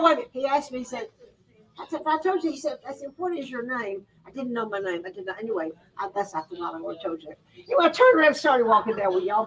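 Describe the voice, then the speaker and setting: Older woman telling a story at a store event, bright high voice, lots of laughing, mic far off. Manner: lively, laughs often, acts out quotes. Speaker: guest speaker. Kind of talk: animated personal storytelling.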